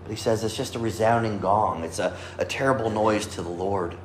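A man preaching a sermon in a fairly low voice, earnest and scripture-quoting, his voice rising and falling for emphasis. The room is echoey, with a faint hum of ambience behind him. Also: brisk. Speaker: pastor.

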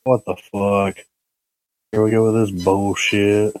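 Slow-talking man with blunt jokes. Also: on the low side, flat delivery, no room sound. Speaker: podcast co-host. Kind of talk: casual podcast chat.

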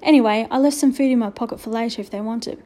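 A sulky, cocky schoolboy mutters his answers, as a woman reading a storybook puts him on. The voice is a little high and soft-edged, mellow rather than bright. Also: rapid-fire, natural voice. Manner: sulky, mumbling.

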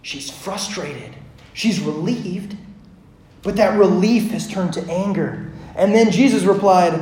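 High-voiced man preaching in an echoey room. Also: slow. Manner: conversational, filler-heavy, swinging from hushed to loud. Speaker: pastor. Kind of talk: sermon with personal storytelling.

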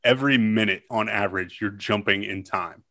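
A man's voice: fairly low pitch, brisk, pushed and bright, no room sound. A man co-hosting a movie podcast, laid-back casual chat with short remarks. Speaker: podcast co-host.

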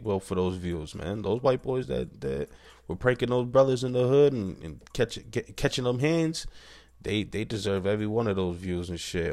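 A man's voice: on the low side, a little mellow. A man ranting casually to camera, blunt and heated, full of restarts, cursing and repeated "man" and "bro". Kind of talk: profane casual rant.

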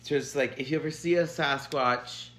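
A man's voice: medium pitch, roomy sound, slight background noise. A man co-hosting a podcast, chatting casually and riffing on jokes with his co-hosts. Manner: joking, animated, quick to riff. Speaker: podcast co-host. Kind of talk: casual chat.

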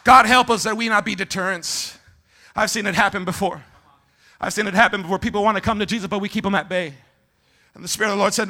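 A male pastor preaching in a church, calling on the congregation to shout back, dropping Spanish words into his talk, and swinging between loud shouting and hushed, low passages. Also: steady tone, quick pace. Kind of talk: call-and-response preaching. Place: church sanctuary.

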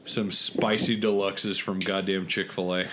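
A man's voice: deep voice, level tone, unhurried. A man hosting a late-night casual chat, loose and profane, a bit tipsy from drinking. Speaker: podcast host. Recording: loud background noise.

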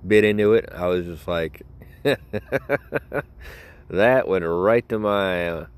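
A man's voice: low-pitched, slow pace, smooth. A young man hosting a casual show, telling rambling, joking stories with many asides and self-interruptions. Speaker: podcast host.

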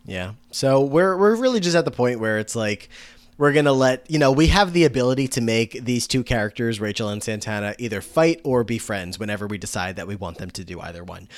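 A man's voice: mid-range voice, animated, fairly quick, no echo. A man co-hosting a podcast, musing about a show in casual talk, winding through his thoughts with restarts. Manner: rambling, many fillers and restarts. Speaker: podcast co-host. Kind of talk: casual analytical chat.

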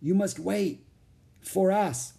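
A man's voice: high-pitched, slow, gravelly, warm tone, pitched above the performer's own voice, exaggerated voice. Sir Percival, a man voicing a stern knight. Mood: firm. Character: stern, protective adult male knight. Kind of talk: audiobook character reading.

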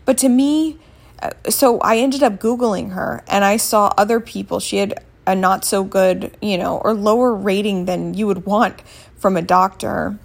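Sitting up on a bed at home, a woman in her thirties tells a story for a laid-back vlog. Her mid-range voice is gravelly, and she speaks frankly and bluntly with plenty of swearing.

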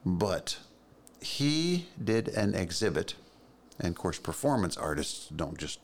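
A man's voice: low voice, very animated, takes it slowly, a little hiss or hum. A man co-hosting a podcast in casual chat, telling stories with dry, wry asides. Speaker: podcast co-host.

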